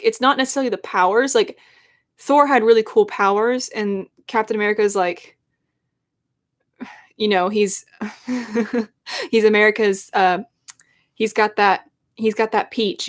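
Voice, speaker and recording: A woman's voice: medium pitch, fairly even intonation, unhurried, pauses often. A young adult woman who is a YouTuber, chatting casually and emotionally on a live stream in a rambling way. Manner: emotional, rambling fan talk.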